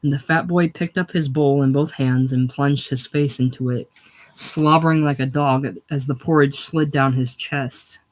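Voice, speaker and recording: A man reading a novel aloud at a steady, measured pace. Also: medium pitch. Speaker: audiobook reader.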